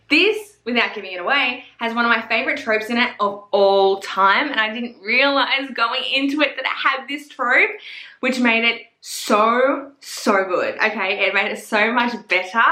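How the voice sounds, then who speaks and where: Woman, book reviewer, casual profane chat, bright forceful voice, echoey room. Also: on the high side. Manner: profane, gushing and chatty.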